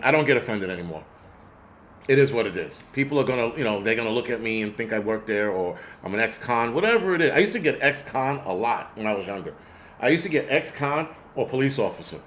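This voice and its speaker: A man's voice: medium pitch, a little hiss or hum. A man hosting a casual livestream, rambling through profane stories and answering chat comments. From United States. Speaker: host.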